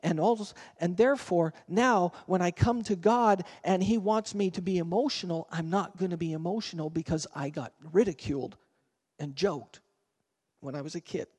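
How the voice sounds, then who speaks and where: A man's voice: sits high, moderate pace, a little mellow, slightly rough, long reverb tail. A man preaching a sermon as pastor, talking conversationally and asking the congregation questions. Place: church sanctuary.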